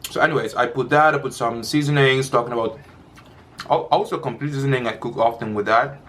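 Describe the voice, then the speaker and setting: In a home mukbang video, a man chats casually at a relaxed pace, stopping to chew and wandering from topic to topic, talking between bites. His voice is at an ordinary middle pitch, and a faint background hiss runs beneath the recording.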